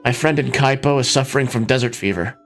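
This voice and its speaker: A man's voice: mid-range voice, quick pace, a bit bright, faint music behind, close to an everyday voice. A man voicing an earnest young knight in a game read-through, polite and pleading.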